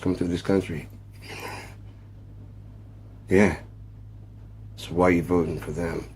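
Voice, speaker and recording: A man's voice: low-pitched, little pitch movement, slow pace, pauses often, darkish tone, a little hiss or hum. A man rambling through a casual rant, profane and jokey, drifting from point to point. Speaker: video creator.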